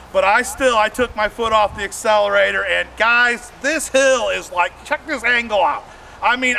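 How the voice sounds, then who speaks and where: A man with a high, very bright voice tells rambling stand-up stories and keeps calling out to the crowd. He performs his comedy set outdoors, and a faint hiss of noise runs under his voice. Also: gravelly. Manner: rambling storytelling, addresses audience directly.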